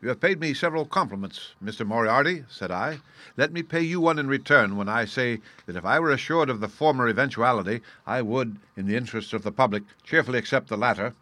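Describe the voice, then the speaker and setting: Figure: calm, ironic detective voiced by a man. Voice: bright, forceful. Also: mid-range voice, fast, no echo, lightly acted. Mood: composed. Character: calm, confident male detective. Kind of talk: audiobook reading.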